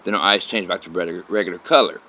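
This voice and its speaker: A man's voice: sits low, fast, bright, forceful tone, low-quality recording. A man telling a personal story in a rambling, profane way, full of restarts. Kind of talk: personal story told to camera.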